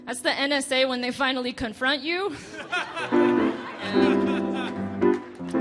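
Late-twenties woman comic: high, unhurried and halting, giggling at her own lines on a reverberant club stage. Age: late 20s. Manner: halting delivery, laughing at her own jokes. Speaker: stand-up comedian. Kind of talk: stand-up set. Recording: reverberant club room with faint music.

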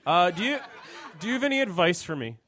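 A man's voice: sits high, sing-song, quick pace, a bit bright. A man hosting a casual comedic interview and asking playful, teasing questions.

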